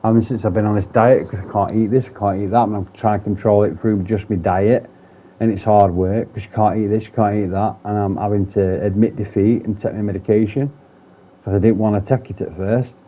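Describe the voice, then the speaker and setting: A man's voice: lowish voice, steady tone, brisk. A man talking candidly in a personal vlog, rambling, swearing often and restarting his sentences. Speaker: vlogger. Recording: dull lo-fi sound.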